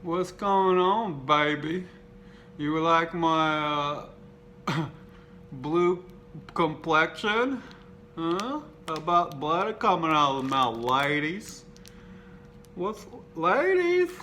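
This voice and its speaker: A man voicing a blue-faced, bleeding zombie who leers and flirts with women in a slow drawl. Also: fairly high pitch, very animated, bright, forceful tone, a little hiss or hum, heavily acted. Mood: sleazy flirting. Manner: leering come-ons to women.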